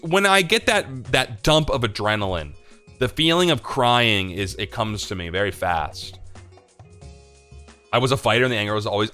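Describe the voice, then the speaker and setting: A young man hosting a livestream, answering chat questions in rambling, confessional casual talk, swearing freely and filling pauses with "like" and "um.". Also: mid-range voice, bright, forceful tone.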